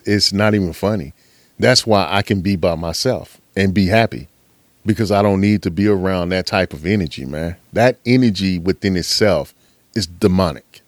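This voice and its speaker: A man's voice: low-pitched, dry recording. Profane, fired-up man preaching on a podcast. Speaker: podcast host. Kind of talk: motivational monologue.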